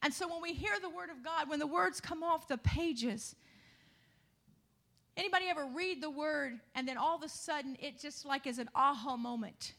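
Woman preacher, high and bright, chatty asides that build to shouted emphasis. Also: normal speed. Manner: rising to shouted emphasis, calls of hallelujah; conversational asides to the congregation. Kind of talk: sermon.

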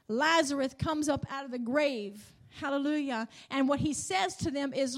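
Woman preacher, high voice, emphatic sermon delivery with rising and falling emphasis. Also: normal speed, hardly any pauses, a bit bright. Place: church in front of a congregation.

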